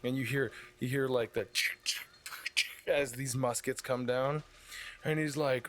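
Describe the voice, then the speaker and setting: A man's voice: medium pitch, fairly even intonation, a little slow. A man narrating a tabletop game as dungeon master, describing the scene with frequent fillers and restarts.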